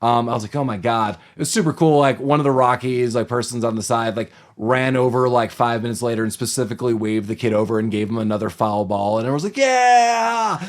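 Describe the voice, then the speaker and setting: A podcast co-host rambles casually through a movie recap, using fillers and putting on voices for the people he quotes. His mid-range voice stays level, and he talks fast with few pauses.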